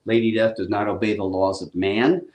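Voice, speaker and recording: A middle-aged man, a comic book publisher, chatting casually and excitedly with viewers on a live stream, using laid-back slang. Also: fairly low pitch, moderate pace, rough recording.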